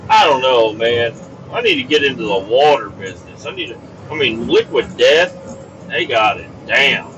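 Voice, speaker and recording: This podcast host rants casually while driving on the highway, swearing and rambling in exasperation, his voice a bit bright with big pitch swings at a moderate pace. The recording comes through a distant, dull mic, with car and road noise behind it.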